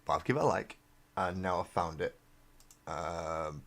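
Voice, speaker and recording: Low-voiced English man rambling on a live stream. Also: fairly even intonation, normal speed, a little hiss or hum. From England. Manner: rambling and self-mocking, often trailing into mumbles. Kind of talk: casual live-stream chat while building miniatures. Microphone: desk mic on a live webcam stream.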